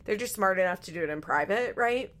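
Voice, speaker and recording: A woman's voice: mid-range voice, lively intonation, fairly quick, fairly bright tone. A young adult woman hosting a show, giving blunt, profane commentary on a reality show in casual chat. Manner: blunt, profane and frank, with frequent fillers. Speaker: podcast host recapping a reality show.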